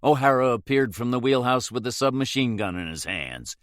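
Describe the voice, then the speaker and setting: This audiobook is read by a man with a mid-range voice in a steady, measured manner. The scripted narration is dry and studio quality.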